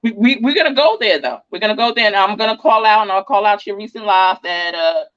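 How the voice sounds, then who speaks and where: A middle-aged woman with a New Jersey accent, hosting a casual livestream in a loud, fast, passionate voice. Her voice sits at a medium pitch for a woman. The recording is dry and a little dull. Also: animated, no room sound. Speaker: true crime YouTube channel host.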